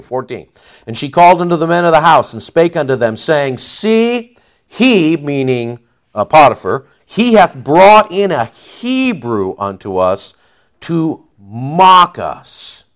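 A man preaching verse by verse, reading scripture aloud and then explaining it in a casual, conversational way. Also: on the high side. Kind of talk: verse-by-verse Bible teaching.

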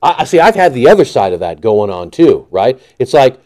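Animated joking male preacher. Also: medium pitch, fairly quick. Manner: animated, joking, acts out quoted voices. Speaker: pastor. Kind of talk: sermon.

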